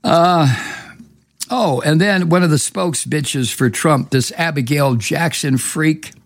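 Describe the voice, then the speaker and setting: A man's voice: fairly high pitch, slow, dry recording. A man hosting a talk show, delivering angry, profane, sneering political commentary. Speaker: radio talk host.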